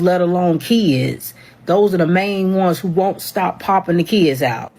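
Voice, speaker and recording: A woman's voice: on the low side, gravelly, a little mellow. A woman giving a blunt, scolding rant to her phone audience, calling people fools and idiots. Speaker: social media commenter in a played clip. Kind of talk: angry rant to camera.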